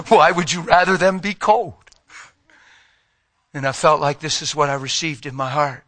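A middle-aged male preacher with a very bright, ringing voice that sits a little high. He preaches with fervor, calling out to the congregation, then dropping to a hushed tone. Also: unhurried, pauses often. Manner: emphatic, call-and-response, swings from loud to hushed. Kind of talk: sermon.

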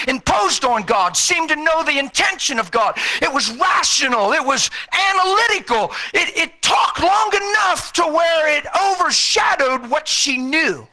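A male preacher delivering a fervent, exhorting sermon, rising to shouts and then falling low and intense.

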